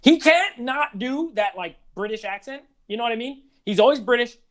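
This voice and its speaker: A man's voice: very high voice, lively intonation, normal speed, fairly bright tone. Guy in his 30s co-hosting, casual rambly chat, says like a lot. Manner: rambling, heavy use of "like". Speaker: podcast co-host.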